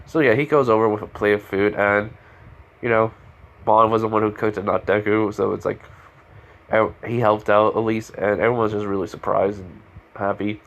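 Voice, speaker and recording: A man's voice: lowish voice, fairly even intonation, normal speed. A man casually improvising a fan story, rambling with lots of fillers and restarts.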